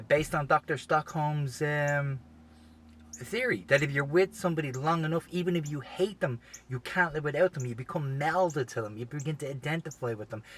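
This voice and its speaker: A man's voice: a little high, moderate pace, fairly bright tone. A man hosting a podcast, telling a long comedic story in a rambling, profane way full of "you know" asides. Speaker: podcast host.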